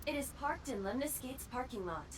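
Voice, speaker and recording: A cool AI assistant who states facts precisely, her fairly high voice bouncing with animated pitch. She sounds set back from the mic, with clear game music behind. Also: a little fast, background noise. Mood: brisk. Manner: precise, matter-of-fact. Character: cool, literal-minded female AI assistant. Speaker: game character. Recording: distant game voice under music.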